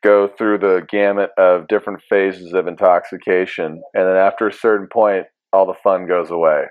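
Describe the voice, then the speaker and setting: A male interview host asking relaxed questions and offering short agreeing replies. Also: low-pitched, normal speed, clear, resonant tone, no echo. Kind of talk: casual interview. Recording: dry, thin phone-like sound.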